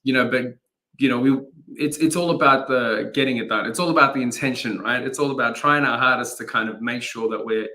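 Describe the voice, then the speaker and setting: A man's voice: medium pitch, brisk, bright, forceful tone, a little hiss or hum. A young man, a chaplain, giving a casual live-streamed daily devotion through a phone or laptop mic, chatty and rambling, with plenty of fillers and laughter. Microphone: phone or laptop mic, no studio setup.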